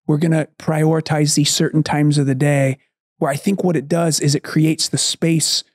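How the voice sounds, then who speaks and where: A man's voice: fairly high pitch, flat delivery, moderate pace, no room sound, studio quality. Earnest man coaching on a podcast. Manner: earnest, coaching tone, explains then asks questions. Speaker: podcast co-host, parenting coach. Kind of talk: conversational podcast talk.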